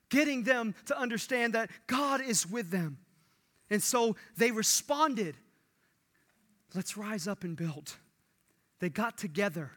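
A man preaching a sermon in an animated way, acting out the lines he quotes. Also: high voice. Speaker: pastor.

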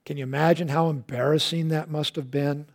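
High-voiced preacher telling a story. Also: male voice, fairly quick. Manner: animated storytelling with big swings from loud to hushed; colloquial asides. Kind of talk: sermon.

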